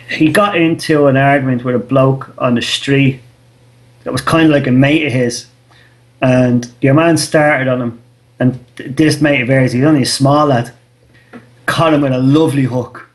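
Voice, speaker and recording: An Irish man in his thirties, co-hosting a podcast in casual chat, telling a loose, slangy story and swearing freely. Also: medium pitch. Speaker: podcast co-host.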